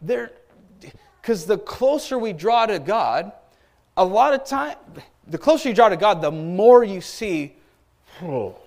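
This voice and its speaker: A middle-aged man preaching a sermon as a pastor, animated, with asides and calls for an amen. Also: high voice, unhurried. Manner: animated preaching with asides and call-outs for amens.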